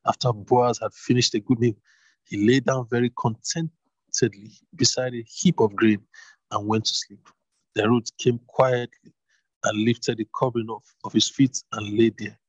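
A man's voice: mid-range voice, flat delivery, normal speed, slightly rough, dry recording, dull audio. A man reading a Bible story aloud, voicing the characters and adding casual asides. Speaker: reader.

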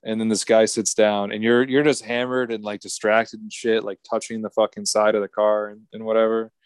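A man's voice: fairly low pitch, little pitch movement, fairly quick, smooth, no echo. A man in his twenties telling a rambling story in a casual podcast chat, swearing and laughing often. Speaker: podcast co-host.

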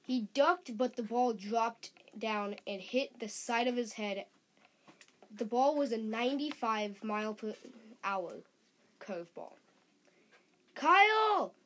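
A woman reading a story aloud slowly and haltingly, stumbling and restarting on words. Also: a little high.

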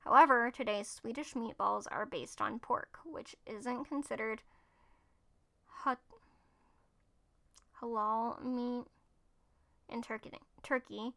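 A woman's voice: fairly high pitch, slow pace, gravelly, pauses often, a bit bright. A woman hosting, reading food facts off her screen and chatting about them, stumbling and correcting herself as she goes. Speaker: host reading and commenting. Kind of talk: casual commentary reading from screen.

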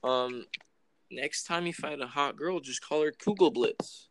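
A young man co-hosting a podcast in casual chat, teasing his co-host with deadpan jokes. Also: fairly high pitch, unhurried, heavy background noise. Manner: joking, teasing, deadpan banter.

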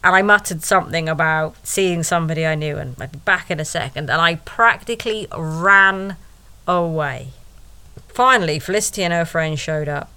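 A woman's voice: sits low, moderate pace, sharp tone, smooth. A woman telling a first-person story in a wry, sarcastic way, with asides to the listener.

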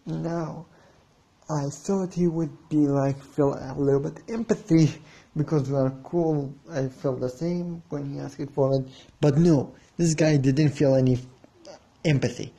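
Slow, husky man telling a story. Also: on the high side, fairly even intonation, warm tone. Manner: rambling, restarts, acts out the other side of a haggle. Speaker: podcast host. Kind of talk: casual storytelling monologue.

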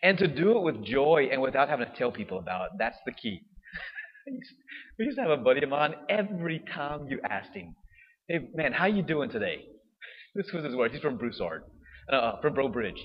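Man, priest, conversational sermon, keeps asking "right?", husky voice, dull echoey church recording. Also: mid-range voice, very animated, brisk. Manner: conversational preaching, often asks "right?".

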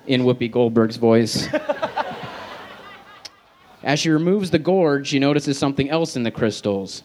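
A man reading his own crude fan fiction aloud on an outdoor festival stage, deadpan with self-aware asides. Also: medium pitch, slow, pauses often, slight background noise. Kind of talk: live stand-up reading.

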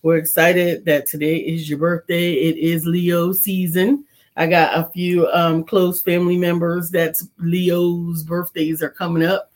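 A woman's voice: on the low side, flat delivery, unhurried. A woman co-hosting a casual morning talk show, playful, repeating greetings in a sing-song way. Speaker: co-host.

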